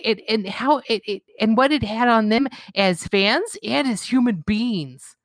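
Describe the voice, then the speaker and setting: A woman's voice: a little high, measured pace, dry recording. A woman voicing a chatty, tipsy middle-aged mom friend in a folksy, drawling put-on voice.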